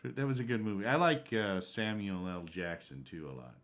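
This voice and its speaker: Deep-voiced man rambling on stream. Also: lively intonation, fairly quick, fairly bright tone. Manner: rambling, conversational. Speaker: game streamer. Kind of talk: casual live-stream chat.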